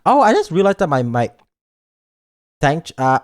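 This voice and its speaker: Playful, animated male streamer. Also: fairly high pitch, measured pace, long pauses. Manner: playful and dramatic, acts out his own thoughts aloud. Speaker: virtual streamer. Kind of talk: casual live-stream chat.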